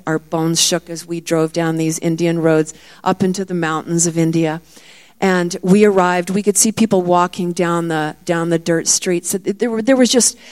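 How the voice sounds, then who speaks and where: A middle-aged woman delivers a sermon in a storytelling voice. She acts out the words of the people in her story, lifting her voice as she stresses each point. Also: on the low side. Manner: storytelling, acts out the disciples' lines with rising emphasis. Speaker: preacher.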